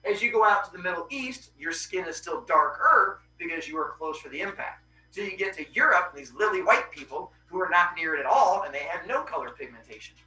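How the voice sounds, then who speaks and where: A man hosting a podcast, casually retelling Greek myths with animated voices for the characters. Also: high voice, a little fast, roomy sound, far from the mic, a little hiss or hum, rough recording. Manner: animated, acts out characters' cries. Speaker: podcast host.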